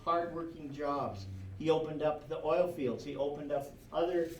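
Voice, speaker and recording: Animated male teacher in an echoey classroom. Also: fairly high pitch, moderate pace, slight background noise. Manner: animated, rhetorical questions, chuckling asides. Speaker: history teacher. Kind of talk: classroom lecture. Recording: echoey classroom recorded from far off.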